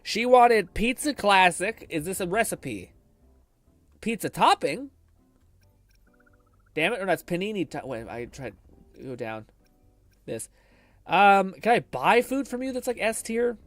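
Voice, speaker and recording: A man's voice: high voice, animated, a little slow, long pauses, fairly bright tone, no echo. A man streaming a video game, chatting casually, swearing often and laughing a lot. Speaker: gaming streamer. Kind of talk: casual live-stream commentary.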